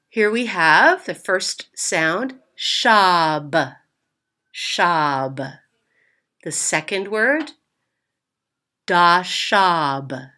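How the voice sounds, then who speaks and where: A woman's voice: fairly low pitch, bright, forceful tone. A woman teaching beginners to read, patiently sounding out each word and repeating it, with a few playful asides. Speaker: Hebrew reading teacher. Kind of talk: slow step-by-step reading lesson.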